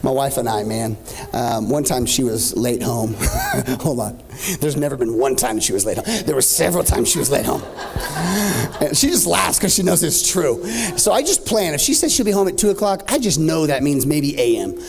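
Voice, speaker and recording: A man's voice: mid-range voice, animated, normal speed, creaky, over music. A man in his thirties preaching a sermon as pastor, swinging from joking asides to rising, half-sung climaxes. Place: church stage.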